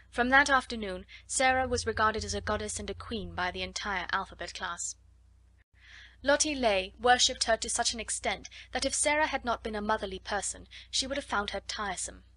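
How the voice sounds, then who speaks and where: A woman reads a classic novel aloud in a steady storytelling manner. Her voice sits in a middle pitch, and the recording is dry and close. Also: no echo. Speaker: audiobook narrator. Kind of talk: scripted narration.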